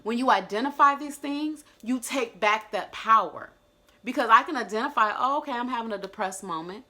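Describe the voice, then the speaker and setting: A young adult woman vlogging a personal reflection, earnest and emotional, sometimes dropping into soft, gentle self-talk. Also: on the high side, lively intonation, normal speed.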